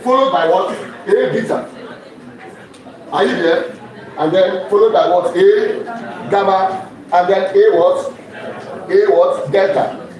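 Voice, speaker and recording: High-voiced man lecturing in an echoey hall. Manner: quizzing with repeated questions, checking on listeners. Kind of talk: call-and-response lecture. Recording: echoey hall, distant mic, audience noise.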